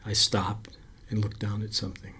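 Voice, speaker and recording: A man narrating a story aloud in a slow, quiet, brooding delivery. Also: fairly low pitch, level tone, creaky, slightly rough.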